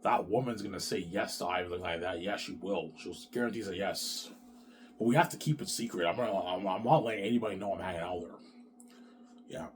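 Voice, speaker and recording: A man's voice: sits low, a little fast. A man talking straight to his viewers in a long, rambling, profane monologue, repeating himself and restarting his sentences. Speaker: vlogger.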